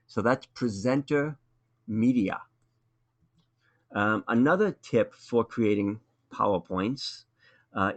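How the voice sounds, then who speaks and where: Boston guy doing a live webinar on a computer mic, lowish voice, chatty and easygoing. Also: lo-fi sound. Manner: relaxed, conversational, frequent ums. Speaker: webinar presenter.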